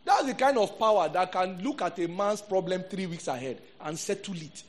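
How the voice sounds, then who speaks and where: A Nigerian pastor preaches a sermon in a lively, conversational manner, slipping in Pidgin asides. His voice is high-pitched and his pace is normal.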